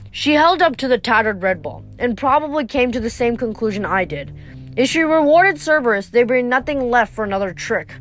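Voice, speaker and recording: A woman's voice: fairly high pitch, expressive, normal speed, soft background music. A woman reading a novel aloud, sometimes stumbling and restarting a word. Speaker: reader.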